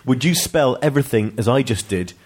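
A husky-voiced man hosts a loose podcast conversation, reading listener questions aloud and laughing between lines. His tone is relaxed and chatty. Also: medium pitch, fairly quick. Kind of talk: casual chat.

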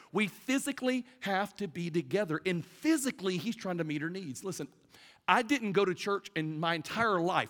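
A man in his forties preaching a sermon from a church stage, talking to the room like a conversation and swinging between loud bursts and hushed lines. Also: on the high side. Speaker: pastor. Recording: long hall reverb.

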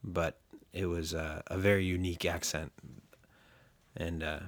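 A man co-hosting a casual podcast, relaxed and reflective, sharing a story. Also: low voice, a little slow, no echo. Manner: relaxed, reflective, brief interjections. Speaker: podcast co-host.

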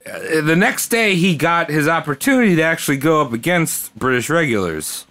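A man's voice: on the high side, lively intonation, normal speed, a bit bright. A man casually retelling a history story to friends, rambling, swearing freely and laughing along. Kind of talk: casual comedic history chat.

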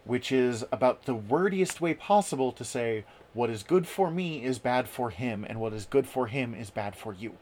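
A man's voice: mid-range voice, lively intonation, darkish tone. Male podcast co-host, mid-range voice, rambling and self-mocking, with faint background noise. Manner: chatty, self-deprecating, halting restarts. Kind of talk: casual podcast chat.

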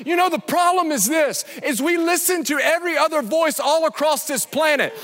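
A man's voice: very high-pitched, moderate pace, fairly bright tone. A male pastor preaching an emphatic sermon in a church sanctuary, repeating phrases and putting questions to his congregation. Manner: emphatic, repeats himself, asks the crowd questions. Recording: long reverb of a large church hall.

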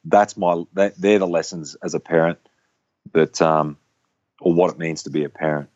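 A man's voice: sits low, little pitch movement, moderate pace, darkish tone, no room sound, highs cut off. A middle-aged man chatting as a guest, reflective and rambling with many restarts. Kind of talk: casual conversation.

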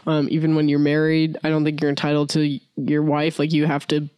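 A woman's voice: sits low, monotone, brisk, dark tone, smooth, no echo, lo-fi sound. A young woman co-hosting a casual podcast, chatty and self-mocking, talking through restarts and fillers. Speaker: podcast co-host.

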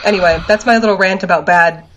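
A woman's voice: mid-range voice, quick pace, a bit bright, a little hiss or hum. A woman co-hosting a podcast in casual chat, ranting wryly and laughing often. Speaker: podcast co-host.

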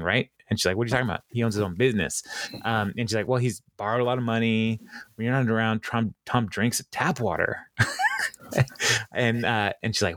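A man hosting a podcast, retelling a TV episode in casual chat, with many ums and quick laughs. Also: lowish voice, fairly bright tone, no echo. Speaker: podcast host recapping a TV episode.

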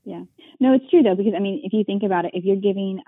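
Husky woman guest on a tinny line. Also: mid-range voice, fast, dry recording. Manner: lively, acts out children's voices when telling examples. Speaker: podcast guest; parent of young children. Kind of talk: casual chat. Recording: tinny phone-line sound.

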